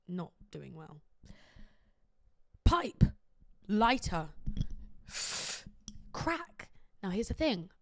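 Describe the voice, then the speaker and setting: Podcast host, woman, high voice, bubbly, animated storyteller, dry close mic. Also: no room sound. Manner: chatty, animated storytelling with frequent laughs. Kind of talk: casual chat.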